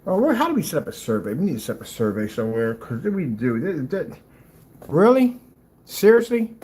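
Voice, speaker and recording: A man reacting to a rival's screen paint video with mocking, exasperated commentary, swinging between loud outbursts and low muttering. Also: huge pitch swings, rapid-fire, breathy edge.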